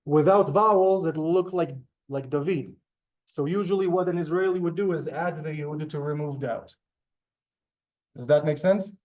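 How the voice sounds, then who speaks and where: A man's voice: a little high, normal speed, a little mellow. A man teaching a classroom language lesson, explaining step by step with many ums and asides. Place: synagogue classroom.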